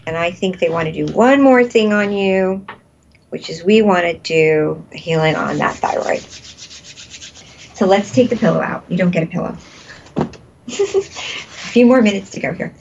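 A woman's voice: mid-range voice, lively intonation, moderate pace, long pauses, muffled recording, a little hiss or hum. Woman leading a healing session. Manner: soothing, repeats breathing cues, laughs often. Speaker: energy healer.

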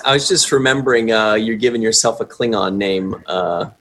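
A man's voice: lowish voice, moderate pace, a bit bright. A man chatting casually as podcast co-host, eager and rambling like a self-described nerd. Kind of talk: casual chat.

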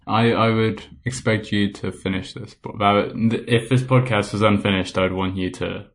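A man's voice: fairly low pitch, fairly even intonation, moderate pace. Dry, teasing man podcaster. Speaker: podcast co-host. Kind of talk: casual chat.

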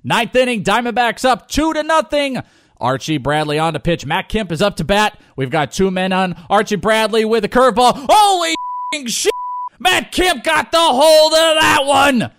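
A man's voice: extremely high pitch, animated, normal speed, no echo, pitched above the performer's own voice, heavily acted. A man doing an impression of an over-the-top sports announcer calling a baseball game, swearing and outraged. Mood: hyped. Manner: shouting, crude, exaggerated outrage.

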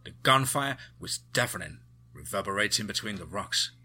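A man narrating a first-person adventure story in a steady storytelling manner. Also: fairly low pitch, moderate pace.

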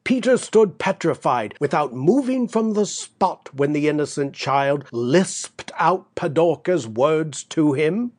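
A man narrating a classic story as an audiobook, measured and deliberate. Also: on the high side, lively intonation, a little mellow, no echo, studio quality. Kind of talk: scripted narration.

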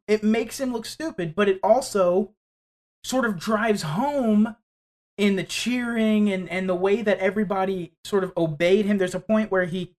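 A woman's voice: mid-range voice, darkish tone. Woman co-host, blunt and profane, casual talk. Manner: blunt, swears freely, repeats herself. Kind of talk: casual political chat.

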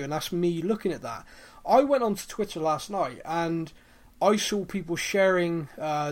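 Man, podcast co-host, casual chat, fillers, voice a bit high. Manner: chatty, lots of ums, acts out quoted lines. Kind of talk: casual chat reviewing a TV episode.

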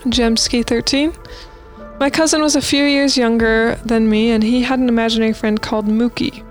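A woman's voice: on the high side, fairly even intonation, moderate pace, soft background music. A woman co-hosting a podcast, reading listener stories aloud in a casual, playful way with asides. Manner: reads posts aloud with playful asides and laughs.

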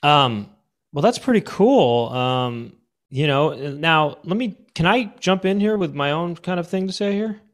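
A man's voice: fairly high pitch, expressive, measured pace. A man co-hosting a comedy podcast, chatting casually and joking around. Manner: joking, does goofy barking song impressions. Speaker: podcast co-host.

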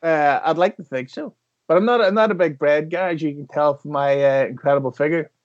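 A man chatting casually on a podcast, telling rambling deadpan jokes with lots of fillers. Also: a little high, brisk, dull audio. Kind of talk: casual comedic chat.

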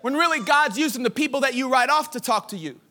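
A young adult man preaching a sermon as pastor, telling stories in an animated way with playful quoted voices. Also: very high-pitched, fast.

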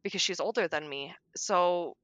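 Middle-aged woman guest, bright tone, dry close sound, candid with dark humor. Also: on the low side, normal speed, no room sound. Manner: frank, darkly joking, soft-spoken at times. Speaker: podcast guest. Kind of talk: candid conversation about grief.

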